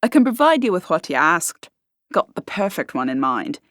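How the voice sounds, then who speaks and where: Female narrator as grizzled old Scottish smuggler, gruff haggler, storybook audiobook. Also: fairly low pitch, big pitch swings, normal speed, fairly bright tone, no room sound.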